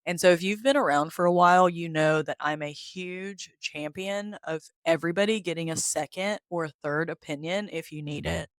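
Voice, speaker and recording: A woman hosting a podcast, candidly retelling her own story in a casual, animated way and acting out the quoted dialogue. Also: on the low side, moderate pace, hardly any pauses, no echo, clean studio sound. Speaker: podcast host. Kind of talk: personal storytelling.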